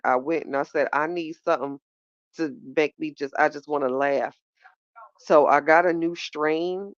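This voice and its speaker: A woman's voice: low-pitched, dry recording, highs cut off. A woman hosting a live call-in chat, talking casually and giggling with her listeners, calling them child and baby.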